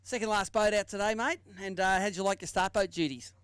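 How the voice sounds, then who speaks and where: A man's voice: high-pitched, steady tone, brisk, fairly bright tone, clear, resonant tone, no room sound. An Australian man hosting a live fishing tournament weigh-in, joking with anglers and calling out weights and standings. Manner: jokey banter with anglers, announcing weights and standings.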